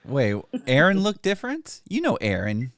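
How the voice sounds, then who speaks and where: A man's voice: mid-range voice, huge pitch swings, normal speed, a bit bright, dry recording, studio quality. A man hosting a live stream, chatting in an easygoing way and laughing often. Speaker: livestream host. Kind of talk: casual live-stream chat.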